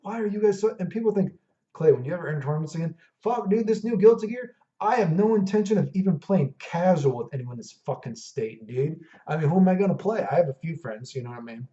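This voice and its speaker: A man's voice: high voice, fast talker, hardly any pauses, mellow, distant mic. A man hosting a gaming video, delivering a heated, profane, rambling rant with lots of fillers. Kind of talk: unscripted rant to camera. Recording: dull lo-fi recording.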